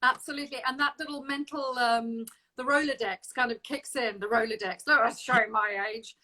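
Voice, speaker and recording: Female interview host, high and bright, chatty with easy laughs. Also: fairly even intonation, brisk, low-quality recording. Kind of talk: casual interview chat.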